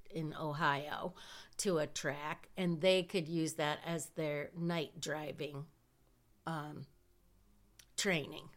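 A woman's voice: low-pitched, a bit bright. A middle-aged woman from Michigan telling a casual personal story, self-deprecating and often laughing as she talks.

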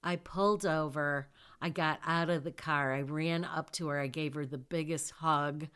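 A woman's voice: low voice, steady tone, normal speed, a bit bright, clear, resonant tone. A woman telling a personal story about her daughter in casual speech, emphatic, with vivid asides.

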